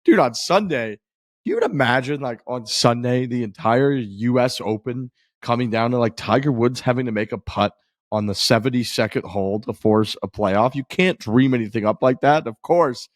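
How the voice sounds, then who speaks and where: A man's voice: medium pitch, normal speed, no room sound, studio quality. A young man co-hosting a golf podcast, rambling enthusiastically in casual chat, laughing and swearing. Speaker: podcast co-host.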